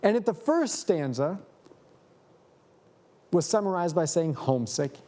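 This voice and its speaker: A male pastor telling a story in a sermon, with dramatic pauses and a storytelling manner. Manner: slow, dramatic pauses, lively pitch.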